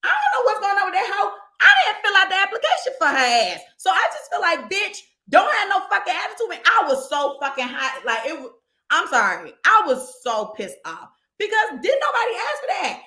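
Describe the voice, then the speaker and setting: A woman co-hosting a podcast, telling a story in casual chat, animated and profane, acting out the people she quotes. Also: very high-pitched, a little fast. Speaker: podcast co-host. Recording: echoey room.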